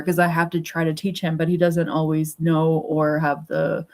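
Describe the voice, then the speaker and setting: A woman in her forties talks straight to camera from home in a loose, rambling monologue. Her voice sits a little low, and she is blunt, cursing freely as she goes. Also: completely flat delivery, normal speed, hardly any pauses, a little mellow, rough recording. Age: 40s. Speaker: vlogger. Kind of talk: casual personal monologue. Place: home with pets.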